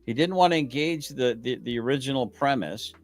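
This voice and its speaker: A man's voice: mid-range voice, fairly quick, faint music behind. Sarcastic man ranting on a livestream. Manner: sarcastic, swears, stammers when flustered. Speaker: livestream commentator. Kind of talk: heated casual livestream banter.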